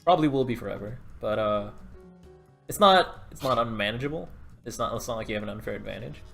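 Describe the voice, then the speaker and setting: A man's voice: lowish voice, lively intonation, quick pace, creaky, fairly bright tone, faint music behind. A man co-hosting a live game stream, chatting casually and giving coaching advice with lots of fillers. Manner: chatty, rambling, filler-heavy. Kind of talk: casual livestream commentary.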